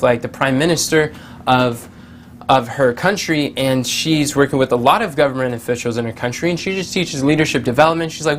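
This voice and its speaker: A man giving a casual motivational talk, telling stories with lively quoted voices and many fillers and restarts. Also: fairly high pitch, a little hiss or hum. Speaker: motivational speaker.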